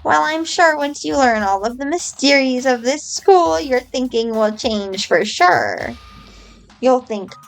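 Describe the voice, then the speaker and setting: This is a gloating cartoonish bear voiced by a woman reading a game aloud. The voice sits high and bounces all over as he teases his captives. Faint music plays behind him. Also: animated, a little slow, creaky, full character voice. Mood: mocking. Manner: mocking, teasing taunts. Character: smug scheming male bear mastermind.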